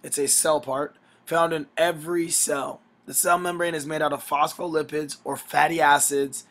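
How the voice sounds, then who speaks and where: A man teaching a recorded science lesson with a sick, strained voice. He talks to his students in a brisk, instructive way, and his voice sits a little on the high side. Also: little pitch movement, a bit bright.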